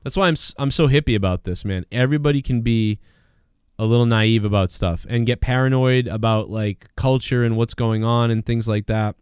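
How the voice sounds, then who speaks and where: Guy hosting his live stream, rambly and jokey, smooth voice, dry close sound. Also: medium pitch, a little fast, a little mellow, no room sound. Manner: rambling, joking, slangy. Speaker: live show host. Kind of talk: casual live-stream chat.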